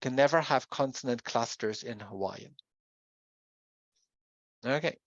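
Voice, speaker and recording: Speaking a little slowly at a medium pitch, a German-native university lecturer explains material by spelling out sounds and giving examples. The recording is dull, with no room sound.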